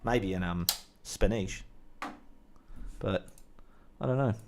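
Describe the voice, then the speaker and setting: A man's voice: on the low side, slow, darkish tone. Man rambling crudely on a solo stream. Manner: crude, joking, full of fillers and asides.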